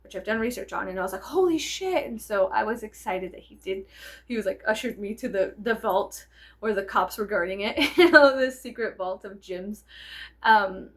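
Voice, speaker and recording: A young adult woman vlogger telling a casual story, animated and profane, laughing often and wandering off on tangents. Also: medium pitch, moderate pace. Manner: animated, profane, digresses with many fillers.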